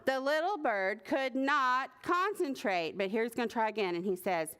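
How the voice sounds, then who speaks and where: A woman librarian reading a picture book aloud at a preschool story time, animated and sing-song, with playful animal noises. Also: a little high, moderate pace, few pauses, smooth. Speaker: children's librarian.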